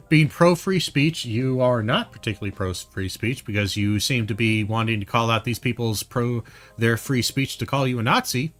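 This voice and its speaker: A man's voice: medium pitch, moderate pace, fairly bright tone, soft background music. A man giving casual, heated commentary on a video, rambling with many fillers and restarts.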